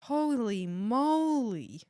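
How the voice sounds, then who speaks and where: Woman streamer, slow giggly casual chat, swings up and down a lot, dry mic. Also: a little high, no echo. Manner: giggly, animated, swears casually. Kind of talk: casual chat reacting to videos.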